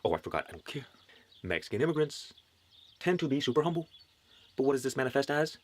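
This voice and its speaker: A man's voice: mid-range voice, lively intonation, fast. Earnest man giving a spiritual pep talk. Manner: preachy, earnest, wry asides. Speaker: spiritual motivational speaker.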